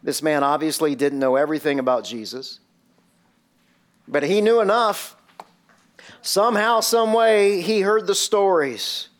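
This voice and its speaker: A man's voice: a little high, a little slow, pauses often. A man preaching a sermon and retelling a scene vividly, with many rhetorical questions. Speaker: pastor.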